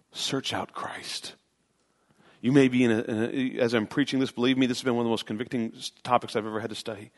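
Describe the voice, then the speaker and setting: A man's voice: lowish voice, slightly rough. A man preaching a sermon as pastor, earnest and emphatic, often repeating phrases for stress.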